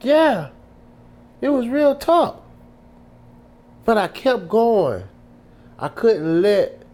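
A man's voice: medium pitch, darkish tone. A man from Louisiana telling his life story in an interview with emphatic, preacherly, streetwise delivery. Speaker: guest.

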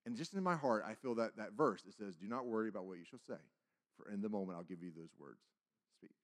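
A man preaching a testimony as a sermon, telling his story with acted-out dialogue and big swings between loud and hushed. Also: on the low side, expressive, fast talker.

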